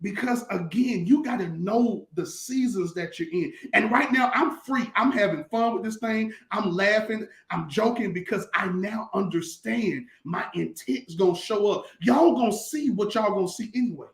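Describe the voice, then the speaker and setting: Here a man who is a pastor talks at normal speed with hardly any pauses, his voice high-pitched and the room audible around him. He tells colloquial stories emphatically, repeating himself a lot, in a talk-show teaching format.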